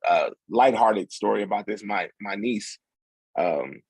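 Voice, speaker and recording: A man in his forties tells his story in a gravelly, husky low voice, close and dry. He acts out the nurses, the doctor and his friend with easygoing street slang. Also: a little slow, no echo. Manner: animated, acts out quotes with slang. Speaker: podcast guest. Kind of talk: casual storytelling.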